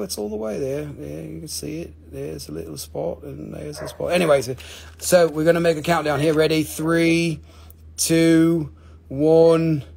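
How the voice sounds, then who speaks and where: A man's voice: on the high side, vocal fry, a little mellow. A man hosting a live stream to sell crystals, talking casually, swearing freely and counting down each sale.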